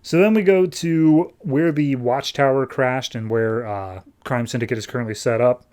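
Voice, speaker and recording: A man's voice: mid-range voice, moderate pace, a little mellow, clear, resonant tone. A man hosting a podcast, recapping a comic issue in a casual, chatty, wry way. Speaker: podcast host.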